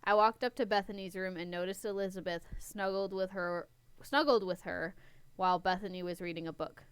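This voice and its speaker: A woman's voice: medium pitch, fairly even intonation, a little fast, clean tone, dry recording. A young woman co-hosting a show, casually reading a story aloud with playful asides and self-corrections.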